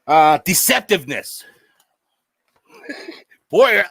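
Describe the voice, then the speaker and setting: A man's voice: high-pitched, very animated, slow pace, gravelly, long pauses, sharp tone, no room sound, studio quality. A man vlogging a sarcastic, profane monologue, mockingly addressing an unseen "sir" over and over.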